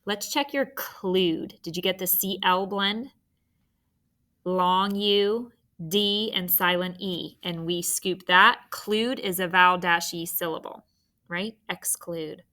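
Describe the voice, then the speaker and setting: A woman's voice: on the low side, takes it slowly, sharp tone. A young woman teaching a spelling lesson by video, patient and encouraging, spelling words out letter by letter.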